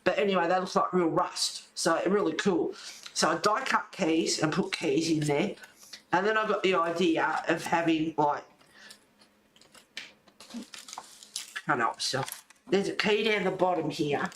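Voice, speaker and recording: A woman's voice: on the low side, measured pace, long pauses, a bit bright, a little hiss or hum. A woman chatting casually in a craft vlog, rambling and laughing often as she shows her work. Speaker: colouring and junk-journal vlogger. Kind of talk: casual chat showing crafts. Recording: echoey room.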